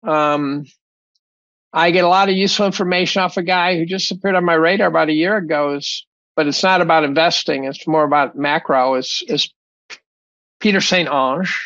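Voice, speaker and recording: A gravelly man with a slightly high voice talks through an interview bluntly, swearing and restarting his sentences as he goes. The sound is dull and dry. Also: fairly even intonation, normal speed, a bit bright, dry recording. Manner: blunt, profane, rambling with many restarts. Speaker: guest, chemistry professor. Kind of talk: casual interview talk.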